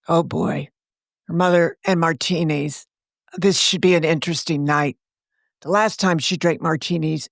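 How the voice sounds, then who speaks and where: A woman author narrating her own story in a measured, wry storytelling manner. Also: low voice, gravelly, no room sound, clean studio sound.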